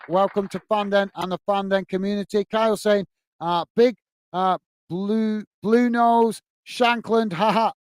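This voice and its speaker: A man's voice: high-pitched, clear, resonant tone, no room sound. A man from the UK hosting a live football fan stream, reading out viewer messages, thanking people by name and calling them mate, now and then flustered by his lagging computer. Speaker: host reading live chat. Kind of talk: casual live-stream chat.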